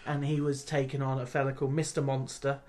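A man's voice: medium pitch, level tone, fast, a little mellow. A man co-hosting a casual podcast chat, rambling and hesitant with many ums, wry and given to swearing. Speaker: podcast co-host.

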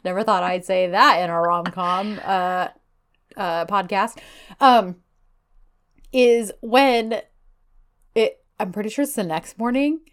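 A woman co-hosting a casual podcast, retelling scenes with lively, animated storytelling. Her voice sits at an ordinary middle pitch for a woman, and she slips into playful acted-out lines with easy laughter. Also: slow pace, long pauses. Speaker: podcast co-host. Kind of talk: casual chat recapping a romance series.

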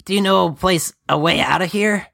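Gravelly, bright player voice. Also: medium pitch, a little fast, dry recording, studio quality. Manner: casual, curses, hesitant restarts. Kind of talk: tabletop role-play, casual.

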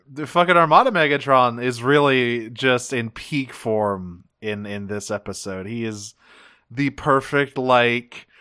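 A man's voice: mid-range voice, pushed and bright, smooth, no room sound, studio quality. A man co-hosting a casual chat, laid-back and swearing a lot. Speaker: podcast co-host.

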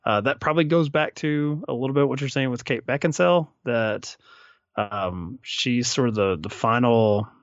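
A man's voice: mid-range voice, moderate pace, no echo, muffled recording. A man co-hosting a podcast, chatting casually about films in a rambling way full of fillers. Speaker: podcast co-host. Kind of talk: casual film discussion.

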